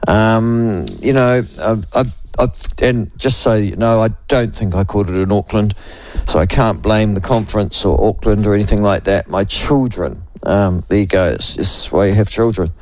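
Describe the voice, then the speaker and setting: A man in his sixties with a New Zealand accent, hosting a talk radio show with a voice hoarse from a cold, rambling and chatty with many restarts. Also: lowish voice, steady tone, moderate pace, a little mellow, no room sound. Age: 60s. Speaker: radio host. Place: radio studio.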